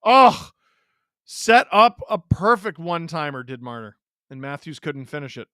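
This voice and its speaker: A man hosting a live watch-along of a hockey game, excitably calling the play with sudden outbursts and muttered asides. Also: fairly high pitch, normal speed, clear, resonant tone, no echo, studio quality. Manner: excitable, jumps between shouting and muttering. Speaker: host.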